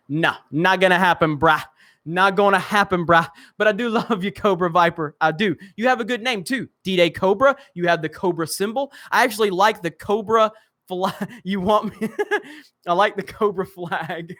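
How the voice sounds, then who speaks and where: High, bright-voiced Southern man streaming. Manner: joking, self-mocking, rushes through reading with restarts. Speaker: live stream host. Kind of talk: casual live stream chat reading comments.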